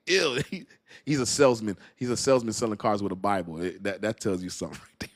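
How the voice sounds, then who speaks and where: Laid-back, slangy crypto stream host. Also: male voice, lowish voice, fast talker, dry recording, studio quality. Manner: laughs often, slangy, repeats phrases. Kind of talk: casual livestream chat.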